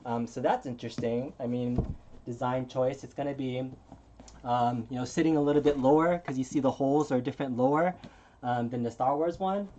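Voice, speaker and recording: Man, live-stream host, relaxed and rambling, average pitch, slight hiss behind. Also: fairly quick, dull audio. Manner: relaxed, rambling, lots of fillers and restarts. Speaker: channel host. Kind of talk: casual live-stream unboxing chat.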